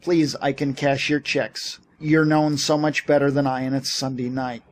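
A man's voice: medium pitch, level tone, normal speed, natural voice. A man voicing a stubborn one-armed war veteran who pleads and insists, in an audiobook. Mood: pleading.

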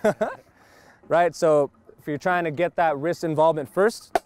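The recording is very noisy as a drum instructor, his voice a little high and his pace moderate, coaches a group on the snare drum. Using a wireless lavalier mic, he goes step by step and repeatedly confirms they understand.

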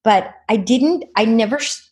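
A woman's voice: fairly high pitch, normal speed, darkish tone. A woman guest in an interview, earnestly retelling a personal experience with many "you know"s. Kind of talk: personal storytelling.

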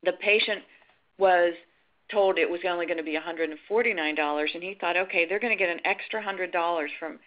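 A middle-aged woman giving a calm, explanatory webinar lecture, sometimes acting out sample dialogue. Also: on the low side, fairly quick, highs cut off. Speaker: risk management speaker.

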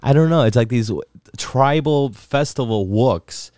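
A podcast co-host from the Miami area, speaking at medium pitch and a little slowly, tells a rambling, profane story in casual chat, loudly acting out what people said. The recording is dry and studio quality.

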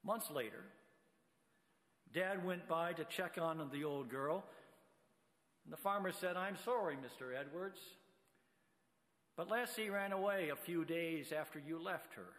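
A man preaching a story-driven sermon in a church sanctuary. His pace is slow and deliberate, his voice sits a little high, and long reverb trails each phrase. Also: a bit bright. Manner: unhurried storyteller reading a story aloud. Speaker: guest preacher.

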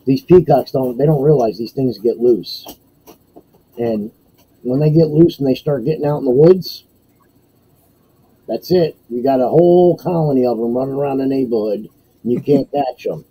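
A man from Florida chats on a live-streamed podcast in a very dark, husky voice. He talks in a folksy, animated way and often drops in "man". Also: medium pitch, normal speed, pauses often, poor audio. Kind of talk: casual live-stream chat.

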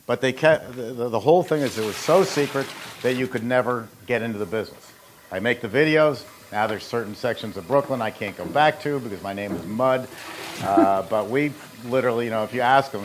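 A man hosting a how-to show and talking casually about his trade, rambling through anecdotes with joking asides. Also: on the low side. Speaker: host and ice machine maker. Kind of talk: casual instructional talk.

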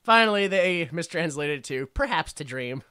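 Bright-voiced joking podcast host man. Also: fairly high pitch, lively intonation, smooth, dry recording, studio quality. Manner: joking, laughs often, quick rambling asides. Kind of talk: casual comedic podcast chat.

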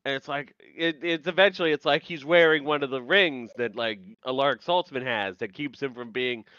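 A man's voice: medium pitch, fairly quick, sharp tone, smooth, dry recording, muffled recording. A young man co-hosting a casual TV recap podcast, laughing and swearing as he explains scenes. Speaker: podcast co-host.

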